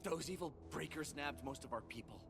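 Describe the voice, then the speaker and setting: A man's voice: fairly high pitch, fairly quick, a bit bright, husky, full character voice. An actor playing a desperate young man who urgently pleads for help for his sick sister. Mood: pleading. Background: game music.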